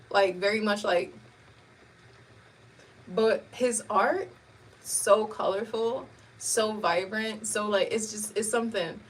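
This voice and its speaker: A woman hosting a casual live chat, telling stories in an animated way and laughing often. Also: fairly high pitch. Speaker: host. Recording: distant mic with faint background noise.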